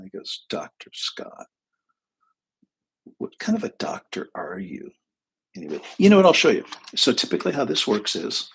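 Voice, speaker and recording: A man's voice: lowish voice, gravelly, a bit bright, husky. A male therapist talking casually on a livestream, chatty and self-deprecating as he tells funny anecdotes.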